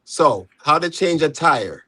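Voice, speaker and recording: A man's voice: fairly high pitch, sing-song, a little slow, bright, forceful tone, husky, no room sound. A man from Jamaica with a Jamaican accent, hosting a casual live panel chat in a laid-back way, dropping "you know" often and laughing easily. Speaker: host.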